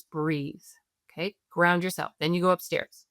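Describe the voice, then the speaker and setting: A woman's voice: fairly low pitch, a little slow, no echo, clean studio sound. A woman, a parenting expert guest on a podcast, explaining her method through worked-through scenarios and often checking in with "right?". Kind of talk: podcast interview.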